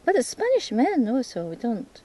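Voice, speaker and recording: A woman talks slowly in a mellow, relaxed voice. Her English is halting, and she pauses often to search for the right words. The conversation stays casual throughout. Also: on the high side, no echo, rough recording. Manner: hesitant non-native English, searching for words. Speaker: host, English learner. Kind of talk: casual chat.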